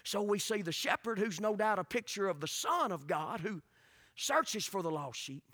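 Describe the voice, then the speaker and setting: A man preaching a revival sermon, swinging from quiet storytelling to shouted preaching. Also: high-pitched, animated, normal speed, no echo, clean studio sound.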